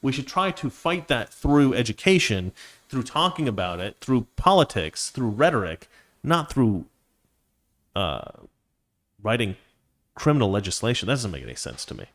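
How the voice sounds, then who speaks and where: A man talks off the cuff on a live stream. He's opinionated and rambling, with lots of restarts and fillers as he reads out viewer comments. His voice sits at an ordinary middle pitch. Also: very animated, moderate pace, fairly bright tone. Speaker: host.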